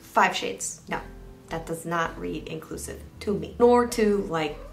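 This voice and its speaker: A woman's voice: fairly low pitch, measured pace, gravelly, soft background music. Chatty woman reviewing makeup. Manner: chatty and candid, talks straight to viewers. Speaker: beauty reviewer. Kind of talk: casual product review vlog.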